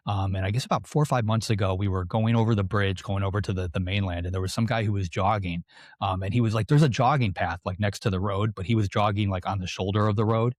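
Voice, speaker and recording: Fast-talking low-voiced man. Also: steady tone, dry recording, studio quality. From United States. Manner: rambling, filler-heavy, self-deprecating humor. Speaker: guest author. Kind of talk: casual interview talk.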